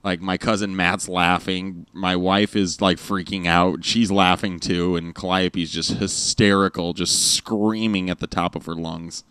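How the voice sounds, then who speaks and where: Very deep-voiced dad telling rambling stories. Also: male voice, flat delivery, measured pace, hardly any pauses, a bit bright, smooth, dry recording. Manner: rambling, lots of fillers and restarts. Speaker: father and podcast host. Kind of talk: casual storytelling chat. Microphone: studio microphone with headphones.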